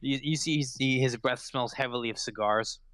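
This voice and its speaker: Brief: male game master, bright tone, dry close sound, casual rambling delivery. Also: medium pitch, moderate pace, no room sound. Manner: loose, filler-heavy narration. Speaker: dungeon master. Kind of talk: narrating a tabletop game.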